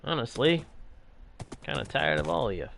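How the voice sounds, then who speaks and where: A man's voice: lowish voice, sing-song, moderate pace, creaky, a bit bright, a little hiss or hum. A man casually commenting on his own game as he plays, playful and jokily grumbling to himself. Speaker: gaming channel host.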